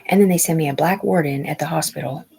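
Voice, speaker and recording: On a livestream, a woman in her forties tells a long personal story, rambling and agitated, swearing often and starting her sentences over. Her voice sits low with vocal fry and a slightly mellow quality, and she talks quickly. The recording is rough.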